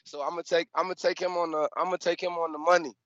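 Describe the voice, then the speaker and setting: A man calling in to talk boxing, halting and hesitant with lots of fillers. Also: on the high side, level tone, fairly bright tone, no room sound, lo-fi sound. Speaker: caller. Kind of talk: casual boxing chat.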